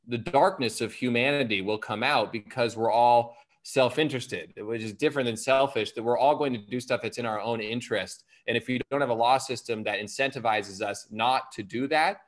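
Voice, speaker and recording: Man, comedian guest, mid-pitched, earnest and explanatory. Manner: earnest, explanatory, with casual fillers. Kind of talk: casual conversation.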